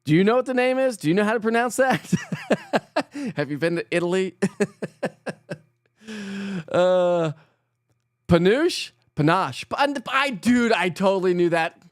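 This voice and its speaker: An expressive, high, clear, resonant voice, unhurried with long pauses, comes through a dry, clean studio recording. The Colorado man hosts a casual morning weather stream, chatting with viewers, joking about himself, laughing often, and stumbling over words.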